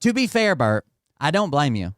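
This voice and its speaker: A man's voice: a little high, very animated, normal speed, a bit bright, no echo, studio quality. A man hosting a reaction commentary, talking casually and mocking the clips he plays with sarcasm and swearing. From Tennessee. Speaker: commentary channel host.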